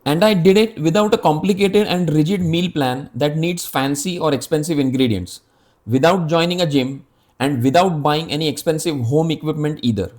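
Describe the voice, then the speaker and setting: Earnest man in his fifties, slightly high voice. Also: moderate pace, darkish tone. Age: 50s. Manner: earnest, direct, addresses viewer with rhetorical questions. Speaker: health app presenter. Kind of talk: scripted health explainer narration.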